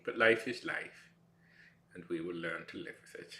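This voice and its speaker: A man's voice: low voice, normal speed, pushed and bright, slight background noise. A man hosting a casual live stream, rambling to himself between greetings to his viewers. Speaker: live-stream host and artist. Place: room at home, seated in a chair. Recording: echoey room with music playing behind.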